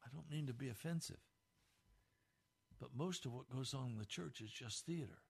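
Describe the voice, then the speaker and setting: A man's voice: medium pitch, moderate pace, creaky, slightly rough. A man preaching a sermon as pastor, earnest and blunt.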